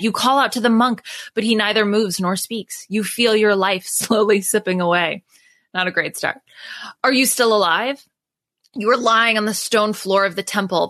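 A woman host reading an adventure gamebook aloud to her friends in steady narration. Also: mid-range voice, no echo.

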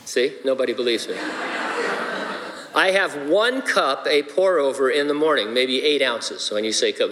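A man's voice: medium pitch, animated, moderate pace, noisy background. Male pastor preaching in a reverberant hall. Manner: jokey, playful asides. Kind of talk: sermon. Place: church sanctuary.

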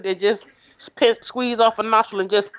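A woman co-hosting a podcast, playful and teasing, with drawn-out exclamations. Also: mid-range voice, steady tone, a bit bright, clean tone. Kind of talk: casual chat.

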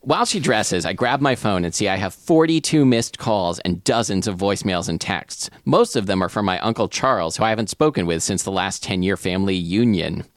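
A man co-hosting a comedy podcast, reading a book aloud in a wry, deadpan way and breaking into laughter. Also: deep voice, brisk, hardly any pauses, no room sound, clean studio sound. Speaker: podcast co-host.

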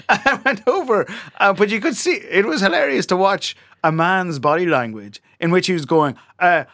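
A man's voice: sits high, expressive, unhurried, few pauses, bright, forceful tone, no echo. A man from Ireland chats and tells a long story, stopping often on filler sounds and breaking into laughs. The sound is dry and close, with nothing around him. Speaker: podcast host. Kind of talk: casual chat.

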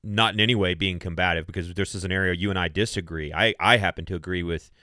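A male host asks his questions carefully and conversationally. His voice is deep and smooth, with a resonant tone. The sound is close and dry. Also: fairly even intonation, fast, pushed and bright, dry recording. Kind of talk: casual interview.

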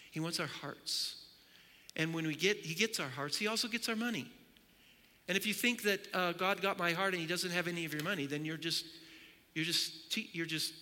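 A man preaching a sermon as pastor, telling stories with animated acted-out dialogue. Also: high-pitched, long reverb tail.

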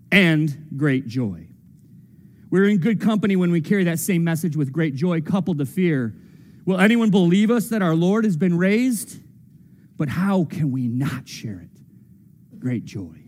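A man's voice: sits high, a little mellow, in a large hall. A man preaching a sermon as a pastor, casual and joking, with playful quoted voices. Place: church sanctuary.

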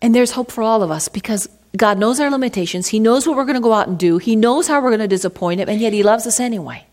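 A woman's voice: on the high side, fast talker, a little mellow. Woman teaching scripture. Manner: reads verses aloud, then asks rhetorical questions. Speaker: Bible teacher.

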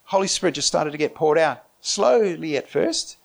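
An excitable man preaching in a high voice with a very lively, swooping pitch. He tells his story in an animated way, laughs often and drops to a hush before jumping back up loud. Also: moderate pace, vocal fry. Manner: excitable, laughing often, big swings in loudness.

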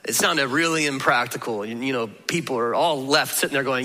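A man preaching a sermon, conversational and animated, acting out the reactions of listeners. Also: mid-range voice, fairly quick, few pauses. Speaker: pastor. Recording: long hall reverb.

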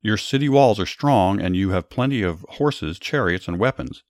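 A man's voice: fairly low pitch, lively intonation, normal speed, no echo, clean studio sound, natural voice. A man voicing a ruthless, commanding male king in a read-aloud Bible story. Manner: reads plainly, commands raised and loud.

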